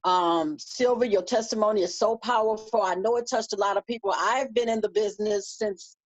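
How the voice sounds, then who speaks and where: A woman's voice: on the high side, brisk, muffled recording. A woman on a video call praising a guest's story. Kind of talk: casual remarks on a video call.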